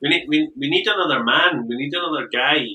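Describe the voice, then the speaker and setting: A man's voice: fairly high pitch, fast talker, pushed and bright, poor audio. A man in his thirties hosting a podcast in casual, upbeat, self-deprecating chat. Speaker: podcast host.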